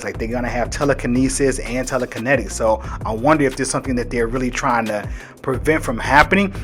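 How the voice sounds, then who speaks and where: Casual male host, laid-back retelling, mid-pitched voice, faint music underneath. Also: a bit bright. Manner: loose and chatty, full of "like". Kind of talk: casual comic book recap.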